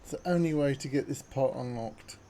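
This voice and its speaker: A man's voice: medium pitch, a little fast, a little hiss or hum. A man giving casual, offhand commentary over a playthrough. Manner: relaxed, offhand. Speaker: gameplay commentator.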